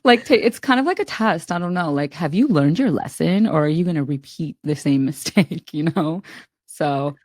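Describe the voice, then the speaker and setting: A woman's voice: low-pitched, expressive, moderate pace, darkish tone, no echo. A young woman co-hosting a podcast in casual chat, laughing often and saying "like" a lot, a little under the weather and recording remotely. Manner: chatty, laughs often, lots of "like". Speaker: podcast co-host.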